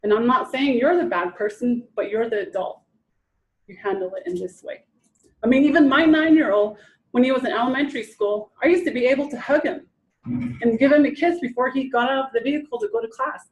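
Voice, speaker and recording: A woman's voice: on the high side, a little fast, low-quality recording. Woman trainer lecturing conversationally. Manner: conversational, restarts sentences, acts out quotes. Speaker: presenter at a training session. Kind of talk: informal lecture to an audience.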